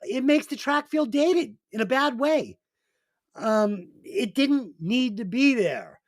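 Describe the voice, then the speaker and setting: A man's voice: very high voice, lively intonation, takes it slowly, dry recording, clean studio sound. Foul-mouthed man hosting a podcast. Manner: profane, laughing anecdote teller. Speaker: podcast host, album reviewer. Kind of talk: casual podcast chat.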